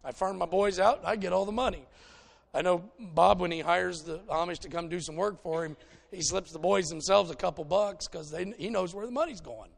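A man's voice: sits high, normal speed, creaky. A man preaching a conversational sermon in a folksy, plainspoken way, telling stories to make his points.

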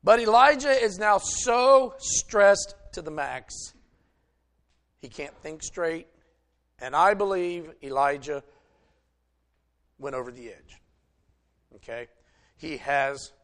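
A male preacher delivering a sermon, retelling a story and swinging between loud emphasis and hushed asides. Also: fairly high pitch, animated, takes it slowly, pauses often.

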